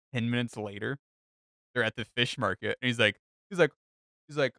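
A young man chatting casually on a podcast, drifting through a story with lots of "like" and "uh". His voice sits a little low and smooth. The sound is dry and close. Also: steady tone, brisk, sharp tone, no room sound. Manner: rambling storyteller, many fillers. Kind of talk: casual chat.

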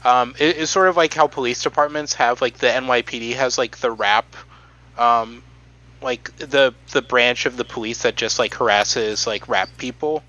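A man hosting a casual podcast, talking in halting starts with many ums while explaining history. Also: medium pitch, sharp tone, no echo, dull audio. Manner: halting, many ums, reading quotes aloud. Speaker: podcast host.

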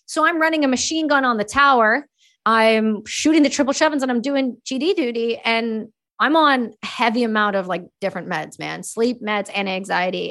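A woman from Canada in her thirties, telling her story as a podcast guest. She is candid and profane and talks quickly, with a voice that sits a little high. She slips into voicing the people in her stories. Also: fairly bright tone. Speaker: podcast guest, army veteran. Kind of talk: casual storytelling.

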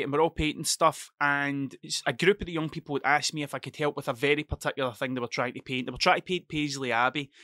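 Scottish male podcaster, solo monologue, bright punchy voice, rambling sweary storyteller. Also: fairly high pitch, dry recording, studio quality. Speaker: podcast host. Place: at home at a computer desk.

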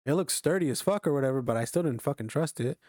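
A man's voice: on the high side, animated, fast talker, darkish tone, no echo, clean studio sound. A young man telling a rambling, profane story to friends in casual chat, full of fillers.

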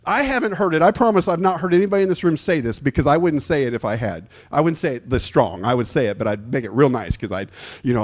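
A man preaching a sermon in a church, animated and storytelling, breaking into shouted excitement. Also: on the high side, fast talker. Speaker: pastor.

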